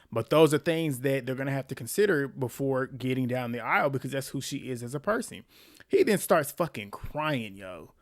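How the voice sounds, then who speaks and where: Blunt, exasperated man recapping reality TV. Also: fairly high pitch. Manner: blunt, exasperated, profane, laughs often. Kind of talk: casual recap commentary.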